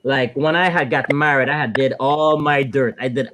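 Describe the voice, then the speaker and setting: Man, Caribbean accent, thirties, laid-back, storytelling, medium pitch. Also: fairly even intonation, moderate pace, background noise. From Virgin Islands. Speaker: guest panelist. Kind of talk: casual storytelling.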